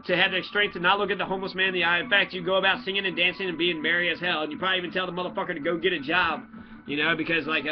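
A man who is a student, in a profane, heated and confrontational ranting monologue. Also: sits high. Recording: dull lo-fi audio with faint music.

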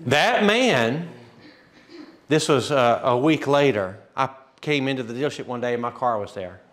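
A man's voice: mid-range voice, animated, moderate pace, fairly bright tone. A man pastor telling a testimony in a sermon, acting out dialogue and laughing often. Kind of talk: sermon storytelling.

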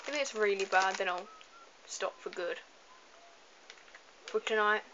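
Chatty bright-voiced woman gaming. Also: mid-range voice, a little slow. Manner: chatty, rambling, apologetic asides. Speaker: gameplay commentator. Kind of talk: casual let's-play commentary. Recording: slightly dull lo-fi home mic with faint hiss.

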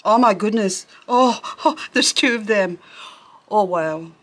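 A woman hosting a plant unboxing vlog outdoors in the sun, excitable and gushing with frequent exclamations. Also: medium pitch, takes it slowly. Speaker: plant vlogger. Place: outdoors in sunlight.

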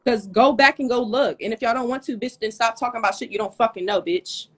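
A woman's voice: fairly high pitch, fast talker, husky. A woman hosting a live stream, ranting angrily and profanely at a rival, hot and sweating as she talks into her phone. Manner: angry, profane, confrontational. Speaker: livestream host. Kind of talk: heated livestream rant.

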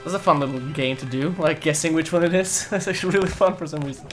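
A young man casually commentating a co-op platform game, excitable, cursing often and bursting into loud laughter. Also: a little high, quick pace, faint music behind. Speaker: gaming video host. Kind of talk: casual let's-play commentary.

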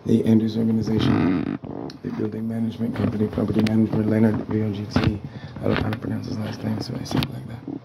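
Gravelly, agitated man ranting at home. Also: fairly low pitch, level tone, quick pace, very noisy. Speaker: tenant vlogger. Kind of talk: angry rambling rant. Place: apartment indoors.

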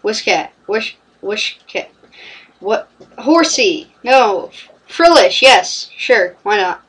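A woman's voice: medium pitch, slow, a bit bright, recorded from a distance. A woman giving playful, chatty gameplay commentary and talking to the game characters. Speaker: let's play commentator.

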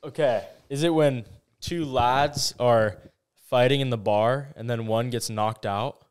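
A young man co-hosting a casual podcast, joking with short quick interjections. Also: mid-range voice, clear, resonant tone.

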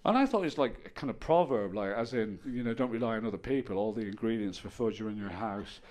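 A middle-aged man doing a stand-up set on stage, telling stories deadpan with bursts of loud exasperation. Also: on the low side, fast talker. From Ireland. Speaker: stand-up comedian. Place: comedy stage with audience.

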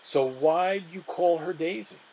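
A man's voice: a little high, a little slow, dark tone, highs cut off, voice pushed up. A man voicing Jack, a boy who sounds offhand and grumbling, while reading a children's book aloud. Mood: casual.

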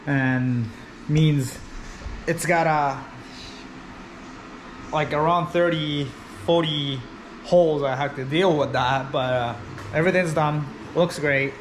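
A vinyl wrap installer casually narrates his work on cars in the workshop, using lots of fillers and restarting sentences. His voice is mid-range, and the background is noisy.

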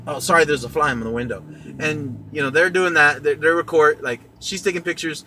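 A man's voice: fairly high pitch, a little fast, bright, forceful tone, a little hiss or hum. A young man hosting his own vlog, telling a personal story casually and rambling with lots of fillers. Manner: rambling, with many fillers and restarts. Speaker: podcast host and vlogger.

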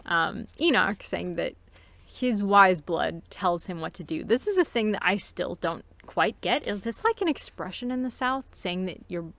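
A woman's voice: medium pitch, animated, unhurried, vocal fry, fairly bright tone, no room sound. A woman giving a casual book review, chatty and musing, with frequent fillers and laughs between thoughts.

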